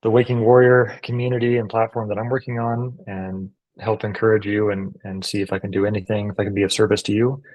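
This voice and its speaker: Lower-voiced man hosting a friendly interview. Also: flat delivery, fast, hardly any pauses, dull audio. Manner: friendly, calls guest brother. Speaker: podcast host, veteran. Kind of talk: casual interview talk.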